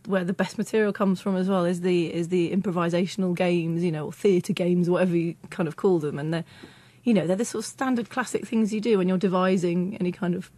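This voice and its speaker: A woman's voice: lowish voice, fairly even intonation, fairly quick, few pauses, dark tone. A woman comedy writer answering interview questions in a chatty way, full of "sort of" and "you know". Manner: chatty, hedging with fillers.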